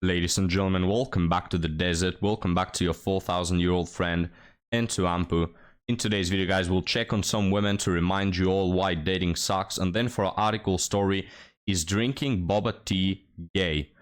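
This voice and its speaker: A man's voice: sits low, fairly even intonation, moderate pace. A young man hosting a reaction commentary video, mocking and sarcastic as he talks to his viewers. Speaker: commentary channel host.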